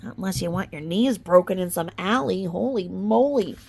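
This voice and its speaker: A young woman reading a legal filing aloud, then breaking off into incredulous, animated reactions. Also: fairly low pitch, moderate pace, creaky. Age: young adult. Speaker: commentary vlogger.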